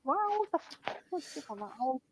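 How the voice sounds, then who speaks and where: A woman's voice: high-pitched, a little fast, a little hiss or hum. Blunt, sweary woman in her twenties. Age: 20s. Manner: blunt, sweary, deadpan storytelling. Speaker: shop worker telling stories. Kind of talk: casual chat. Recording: dull lo-fi dry sound.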